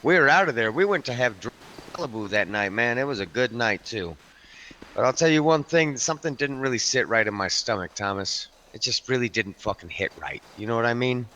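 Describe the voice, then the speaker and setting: A man's voice: medium pitch, lively intonation, fairly quick, sharp tone. A man playing a profane biker enforcer. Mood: tense storytelling. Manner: profane, rambling storyteller; keeps addressing the listener by name. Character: foul-mouthed hardened male biker club enforcer. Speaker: roleplay character telling a story. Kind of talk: improvised game role-play storytelling.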